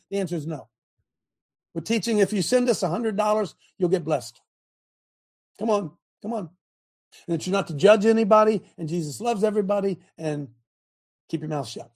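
A man's voice: high voice, normal speed, pauses often, darkish tone. An older man preaching a sermon in a fiery way, firing rhetorical questions at his congregation.

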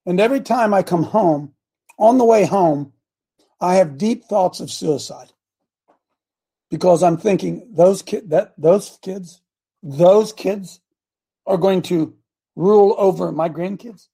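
Older male pastor, gravelly husky voice, fiery repetitive sermon delivery. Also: sits high, takes it slowly, long pauses. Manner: impassioned, repetitive, bursts of loud emphasis.

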